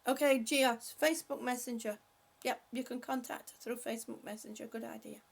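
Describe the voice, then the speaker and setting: An older woman hosting a casual livestream, calling out gentle stretches and chatting with viewers as she reads their comments aloud. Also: on the high side, steady tone, a little fast. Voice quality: breathy at times. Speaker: livestream host leading stretches. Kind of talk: casual livestream chat and exercise cues.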